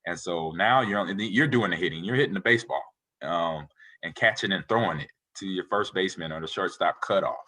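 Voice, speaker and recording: Guest: man in his forties, low and forceful, lively rambling storyteller. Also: brisk. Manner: animated, rambling storyteller who acts out quotes. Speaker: interview guest, retired football player. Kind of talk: casual interview storytelling.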